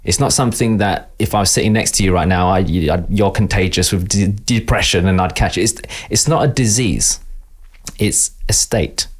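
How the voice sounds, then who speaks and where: A man's voice: low voice, normal speed. A middle-aged man with an East London accent, a podcast guest talking casually and acting out the voices of people he quotes. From England. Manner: animated storyteller, acts out quoted voices. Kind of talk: casual interview talk.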